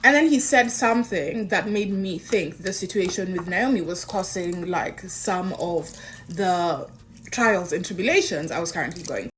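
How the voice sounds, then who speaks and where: A woman telling a personal story in a casual way, acting out the lines of the people she quotes. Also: normal speed. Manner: animated, acts out quoted dialogue with big pitch jumps. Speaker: guest recounting a personal story.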